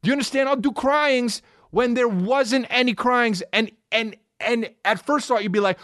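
A man's voice: sits high, expressive, moderate pace, a bit bright, no room sound, studio quality. A man on a comedic rant, profane and rambling, swinging his delivery up and down as he riffs.

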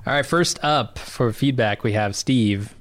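A man co-hosting a podcast in casual chat, animated and excitable, swearing now and then. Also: medium pitch, measured pace, soft background music. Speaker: podcast co-host.

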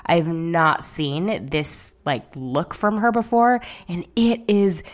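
A woman's voice: fairly low pitch, slow pace. A woman giving a casual, candid recap of a reality show episode, opinionated, with dry jokes and the odd swear word.

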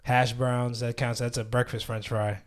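A man's voice: mid-range voice, little pitch movement, moderate pace. A young man co-hosting a podcast, chatting casually with lots of slang and laughter. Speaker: podcast co-host.

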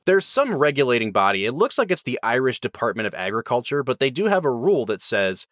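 A man's voice: mid-range voice, sing-song, fast talker, fairly bright tone, dry recording, clean studio sound. A man hosting a whiskey review, explaining and chatting in an enthusiastic, rambling way. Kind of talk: casual review chat.

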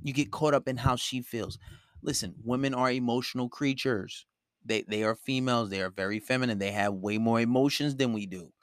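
A man's voice: mid-range voice, brisk, dry recording, clean studio sound. A man giving blunt, profane relationship advice in a lecturing monologue.

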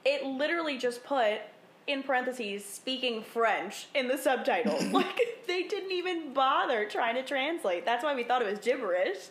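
A young adult woman co-hosting a podcast in casual chat, quick to laugh and blunt, with free swearing. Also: high voice, expressive. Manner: giggly, blunt, swears freely. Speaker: podcast co-host. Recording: roomy echo.

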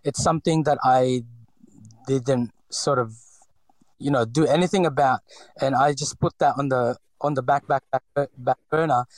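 A man's voice: mid-range voice, fairly even intonation, moderate pace, dry recording, rough recording. Man, forties, slight Filipino accent, hesitant, fillers and restarts, personal interview, dry close sound. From Philippines. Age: 40s.

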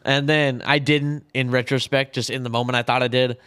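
A teenage young man, the hosts' son, telling a lively story in casual chat, laughing as he goes. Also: medium pitch, brisk, clear, resonant tone. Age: teens.

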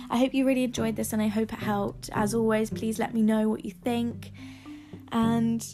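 A woman's voice: a little high, fairly even intonation, a little fast, music in the background. A young woman hosting a solo podcast, speaking with emotional, tearful encouragement into a phone propped on her laptop desk. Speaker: podcast host. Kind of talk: heartfelt solo podcast talk.

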